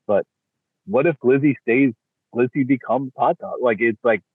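A middle-aged man talks as a podcast guest, his voice thin and boxed-in as if coming through a phone line. He is animated and laughs easily, jumping into playful voices to act things out. The sound is dry, with no room around it. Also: medium pitch, moderate pace, breathy edge, no room sound. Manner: animated, laughs often, acts out quotes in voices. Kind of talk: casual chat.

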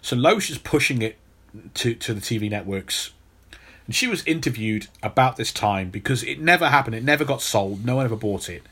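A man's voice: medium pitch, lively intonation, a little fast, a bit bright, husky. Man telling a story on a podcast. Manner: storytelling, many restarts. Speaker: podcast host. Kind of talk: casual podcast chat.

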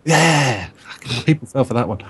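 A man's voice: medium pitch, animated, a little fast, a little hiss or hum. A man co-hosting a casual podcast, making dry quips and reading listener questions. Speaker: podcast co-host.

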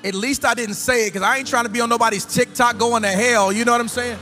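A male pastor preaching a sermon, animated and joking, swinging between loud calls and hushed appeals. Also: very high-pitched, quick pace, few pauses. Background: band music.

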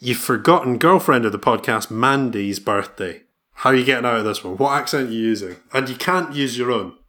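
A man's voice: mid-range voice, brisk, pushed and bright. A man co-hosting a podcast, chatting casually and playfully quizzing his co-host with frequent laughs. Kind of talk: casual chat.

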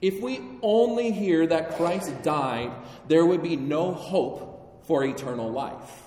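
A man delivers a sermon at an unhurried pace, solemn and measured, pressing harder on key phrases. His voice rings through a long-echoing church sanctuary. He stands back from a distant microphone, with a faint room hum behind him. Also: fairly high pitch, a little mellow. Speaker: preacher. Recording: echoey hall, voice from afar.

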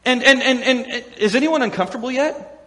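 A man preaching a sermon as pastor, animated and laughing often as he acts out the voices of crowds and quotes. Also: very high-pitched, fairly quick. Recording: echoey hall with long reverb.

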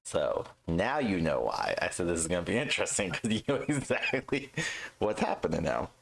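Deep-voiced blunt podcast co-host man. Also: sing-song, normal speed, creaky, fairly bright tone, slight background noise. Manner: blunt, teasing, swears freely. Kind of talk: casual chat.

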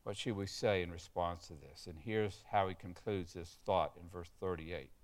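A man's voice: low voice, normal speed. Man preaching an emphatic sermon. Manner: emphatic, leads the congregation in call-and-response. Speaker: pastor.

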